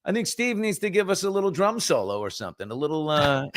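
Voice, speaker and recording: A middle-aged man hosting a casual morning talk show, telling stories with lively acted-out quotes. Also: a little high, fairly quick. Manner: animated storyteller, acts out quotes and whispers. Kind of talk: casual storytelling chat.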